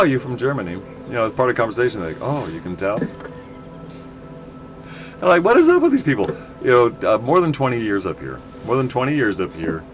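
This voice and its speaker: Low-voiced american guy rambling along while he plays, lots of restarts, faint hum behind him. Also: a bit bright. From United States. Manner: rambling, chatty, many restarts. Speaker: game streamer. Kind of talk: casual rambling commentary while playing.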